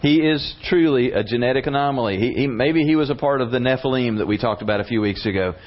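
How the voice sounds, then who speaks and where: A man's voice: mid-range voice, fast talker. A man preaching a sermon, retelling a Bible story in a casual, conversational way with slang. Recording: slightly muffled lo-fi recording.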